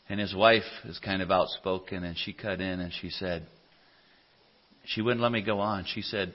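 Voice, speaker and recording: A man's voice: deep voice, fairly even intonation, normal speed. Earnest preacher man, dull lo-fi recording. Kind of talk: sermon. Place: church. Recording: dull lo-fi church audio recording.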